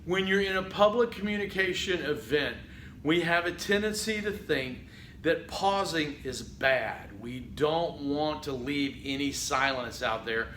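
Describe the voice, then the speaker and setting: A man teaching a public speaking class in a conversational lecture, often saying "okay" and acting out halting speech full of fillers. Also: a little high, lively intonation, fairly bright tone, echoey room, a little hiss or hum, poor audio. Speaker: college public speaking instructor. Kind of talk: recorded lecture.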